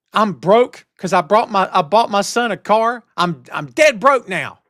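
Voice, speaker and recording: Brief: middle-aged male stream host, fired-up casual chat, high voice, dry close mic. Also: measured pace, few pauses, dry recording. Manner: animated, ranting, talks straight to the chat. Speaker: wrestling show host. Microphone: headphones and studio mic.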